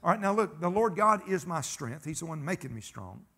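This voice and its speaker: A man's voice: fairly high pitch, sing-song, brisk, pushed and bright, breathy edge. A man preaching a sermon, folksy and emphatic, telling stories and calling for amens. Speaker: pastor.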